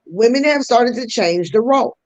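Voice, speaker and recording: A woman's voice: fairly high pitch, lively intonation, normal speed, darkish tone, muffled recording. A woman hosting a podcast, explaining communication styles in a teaching tone with casual slang asides. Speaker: podcast host.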